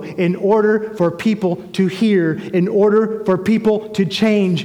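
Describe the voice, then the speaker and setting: A male pastor delivers an emphatic sermon in a high, light voice. He builds his points through repetition and rhetorical questions aimed at the congregation. A long reverb trails each phrase as it carries through a large church sanctuary. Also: warm tone.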